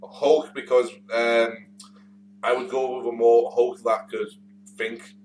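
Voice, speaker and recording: A man's voice: medium pitch, flat delivery, takes it slowly, darkish tone. A man co-hosting a casual comic-book chat, rambling through stories, laughing often and swearing freely. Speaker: podcast co-host. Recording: echoey room, mic at a distance, faint hum.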